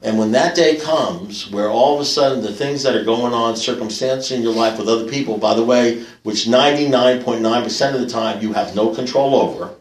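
An older man tells a wry, self-mocking story at a recovery meeting, landing his jokes with punch. His voice sits at a middle pitch. The recording picks him up from a distance in a roomy, echoing hall. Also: a little fast, few pauses. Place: meeting hall with live audience. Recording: echoey room, picked up from afar.

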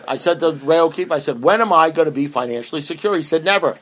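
Man, recovery meeting talk, slightly high voice, emphatic, humorous, restarts often. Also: fast talker, a bit bright. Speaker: AA speaker.

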